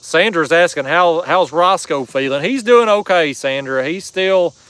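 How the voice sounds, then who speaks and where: A man's voice: on the high side, a little slow, a bit bright, clean tone, no echo, rough recording. A man hosting a fishing livestream from a kayak, chatting casually and reading out viewer comments in a folksy drawl. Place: kayak on a river outdoors.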